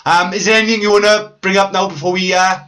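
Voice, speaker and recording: A man's voice: sits high, fairly even intonation, fast talker, pushed and bright. A Welsh man hosting a podcast in casual, jokey, teasing chat. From Wales. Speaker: podcast host.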